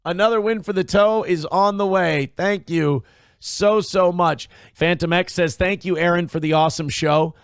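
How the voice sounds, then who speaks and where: A high-pitched man hosts a casual livestream and reads out donations to his viewers. He swings between hyped, loud bursts and low, muttered asides. The sound is dry and close, with no room around it. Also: moderate pace, clear, resonant tone, no echo. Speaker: livestream host.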